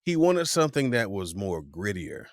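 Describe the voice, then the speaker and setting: A man hosting a podcast in casual chat, playful and lively, egging his guest on. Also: lowish voice, normal speed, no room sound, clean studio sound. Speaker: podcast host.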